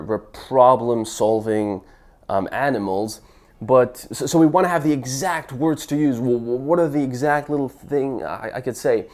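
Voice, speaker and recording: A man's voice: medium pitch, a little mellow. A young man, a dating coach, talking casually to camera and acting out sample lines, with frequent stammers and restarts. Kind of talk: casual advice talk to camera.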